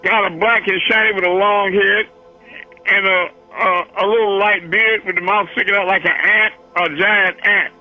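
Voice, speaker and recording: A man's voice: high voice, fairly even intonation, moderate pace, lo-fi sound, soft background music. A man tells his personal visions to listeners. His talk is colloquial and repetitive, full of stammered restarts and asides like "you follow me?". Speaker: spiritual teacher leading a call-in meeting. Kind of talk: rambling personal storytelling to listeners.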